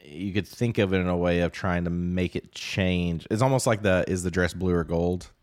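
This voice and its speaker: Deep-voiced man thinking aloud. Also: steady tone, normal speed, no echo, studio quality. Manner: loose, filler-heavy thinking aloud. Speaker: podcast co-host. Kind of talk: casual chat.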